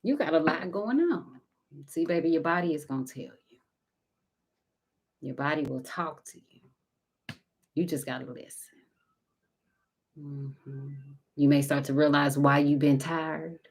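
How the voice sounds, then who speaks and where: A woman with a notably low voice gives a casual spiritual tarot reading, speaking intimately to her listeners and calling them baby and honey. She sometimes sinks into a soft whisper. A faint hiss sits under the recording. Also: measured pace, long pauses. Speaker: tarot card reader.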